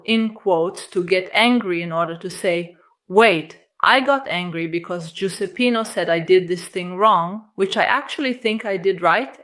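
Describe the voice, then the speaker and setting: A woman's voice: medium pitch, a bit bright. A woman love coach giving direct advice to the camera, blunt and lecturing, full of rhetorical questions.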